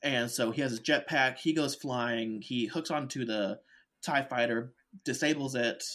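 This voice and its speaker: A relaxed man co-hosts a casual podcast and walks through events as a laid-back storyteller. His pitch sits in the middle, and he drops in easy fillers as he goes. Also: a little slow. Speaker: podcast co-host. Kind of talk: casual chat.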